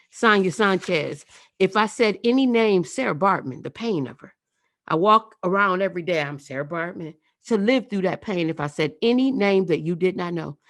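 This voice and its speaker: A spoken word poet, a woman with a fairly low voice, speaks to her audience over a video call. Her delivery is emphatic and rhythmic. She leans on repetition to drive her points home. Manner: emphatic, rhythmic, repeats phrases for effect. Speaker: spoken word poet leading an online event.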